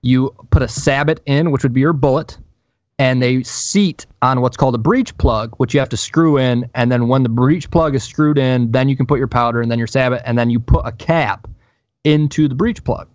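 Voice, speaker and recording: A man co-hosting a podcast, telling a profane, animated story in casual chat. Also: medium pitch, moderate pace, no echo, highs cut off. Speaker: podcast co-host.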